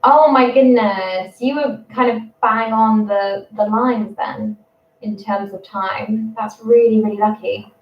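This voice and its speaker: A woman's voice: medium pitch, fairly even intonation, highs cut off. Chatty English woman, distant roomy sound. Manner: chatty, rambling, quick to laugh. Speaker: primary school teacher. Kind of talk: casual livestream chat.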